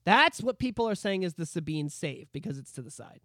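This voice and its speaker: A man's voice: high voice, a little fast, no room sound. A man holds forth in casual podcast chat, his voice jumping up and down as he rants. He swears often and builds his points with gusto. The sound is dry and close, with no room around it. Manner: animated, profane ranting. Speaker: podcast co-host.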